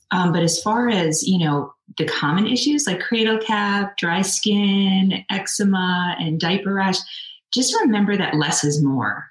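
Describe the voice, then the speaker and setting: A woman with a notably low voice explains skin care like a specialist, in a plain, practical way. Her voice rings around a roomy, echoey space. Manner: explanatory, practical advice-giving. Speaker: dermatologist guest. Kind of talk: expert interview answers.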